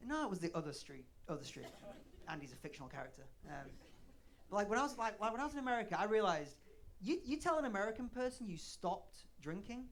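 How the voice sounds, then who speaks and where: A man's voice: sits high, big pitch swings, quick pace. Sweary self-mocking comedian man, 30s. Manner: sweary, self-deprecating crowd banter. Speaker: stand-up comedian. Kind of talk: live stand-up set. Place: comedy club stage.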